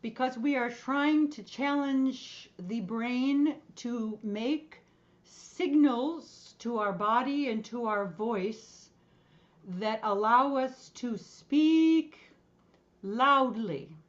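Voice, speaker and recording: High, slow, playful woman instructor. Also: highs cut off. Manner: playful, encouraging, coaxing. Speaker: voice and choir instructor. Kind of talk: leading an online movement and singing class.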